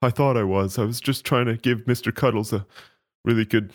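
A man voicing a naive android in a flat, literal way, in a comic bit. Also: medium pitch, fairly quick, natural voice. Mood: earnest.

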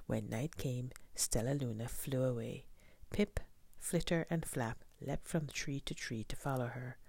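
Woman storyteller reading aloud: low, slow, husky, breathy, gentle. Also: no echo. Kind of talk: storybook read-aloud, partly whispered.

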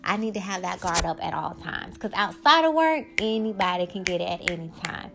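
Animated woman podcaster with a drawl. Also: lowish voice, a little fast, gravelly. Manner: animated, rising to heated venting. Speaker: podcast host. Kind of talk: casual monologue podcast.

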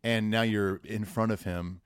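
A man's voice: fairly low pitch, steady tone, a little slow, clear, resonant tone, dry recording, studio quality. A man co-hosting a podcast, chiming in with short, wry reactions in casual chat. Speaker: podcast co-host.

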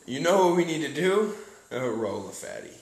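A relaxed man hosting a chat with his friends, loose and profane, his voice often sinking low. The room rings with echo, and a faint hiss sits underneath. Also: moderate pace, vocal fry. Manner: laid-back, heavy swearing, drops to a mumble. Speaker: podcast host. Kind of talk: casual chat among friends. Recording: echoey room with faint noise.

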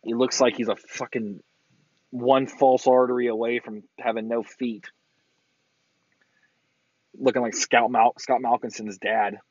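A man in a car, giving a crude, profane road-rage rant and yelling sarcastic insults at other drivers. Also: medium pitch, level tone, measured pace, pauses often, dry recording. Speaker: vlogger ranting while driving. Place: inside a car in traffic. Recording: dull lo-fi sound.

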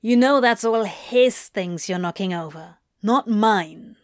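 A woman's voice: medium pitch, slow, dry recording, studio quality, close to an everyday voice. A woman voicing a sullen, hot-tempered man who growls and snaps. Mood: snarling. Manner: growling, snappish.

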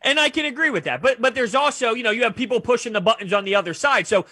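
A man co-hosts a sports talk radio show in a high, bright voice with a husky edge. He argues his points with energy and jumps into the conversation. The sound is dry and close. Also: dry recording, faint music behind. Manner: animated, argumentative, quick to jump in.

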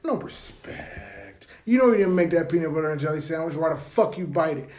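A woman's voice: deep voice, fast talker, darkish tone. A woman co-hosting a casual podcast chat, blunt and profane, laughing as she talks. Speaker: podcast co-host.

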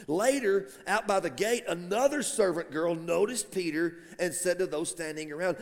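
A pastor delivers a lively sermon, his voice sitting high for a man. He preaches with rising energy and bursts of shouting. The sound carries a long reverb from a church hall. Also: normal speed. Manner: animated preaching, rises to shouts. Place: church sanctuary.

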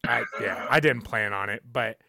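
Here the young man hosting the podcast speaks in a mid-range, creaky voice that sounds pushed and bright, moving at a normal speed. He's ranting casually and emphatically, full of profanity and repeated points, captured in clean studio sound without echo.

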